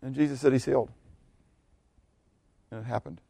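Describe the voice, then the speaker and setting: Dynamic preacher, loud then hushed. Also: male voice, mid-range voice, steady tone, moderate pace, gravelly, husky, no room sound, clean studio sound. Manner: swings from loud emphatic bursts to hushed quiet lines. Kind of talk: sermon.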